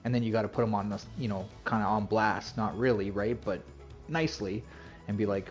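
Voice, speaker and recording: A man's voice: fairly low pitch, quick pace, a little mellow, soft background music. A man chatting casually on his game stream, rambling and full of fillers and restarts. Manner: rambling, filler-heavy, self-interrupting.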